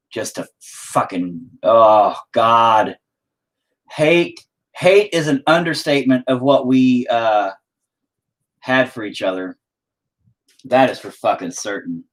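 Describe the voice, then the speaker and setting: A man talking to himself while painting, casual, profane and self-mocking, rambling and frustrated as he thinks aloud. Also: mid-range voice. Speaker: painting vlogger.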